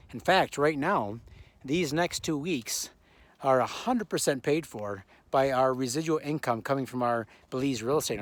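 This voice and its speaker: A man hosting a casual, upbeat vlog outdoors on a mountain trail while hiking, slightly out of breath, chatty and motivational. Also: medium pitch. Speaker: vlog host.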